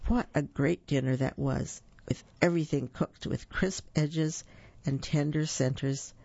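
A storyteller reading a children's story aloud, pausing for asides to young listeners. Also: mid-range voice, fairly even intonation, vocal fry, darkish tone, dry recording, muffled recording.

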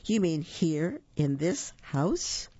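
A storyteller voicing a stern, suspicious old grandmother in a children's story, speaking in a sharp, clipped way. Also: mid-range voice, sing-song, slow, slightly rough, dry recording, highs cut off, exaggerated voice. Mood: doubtful.

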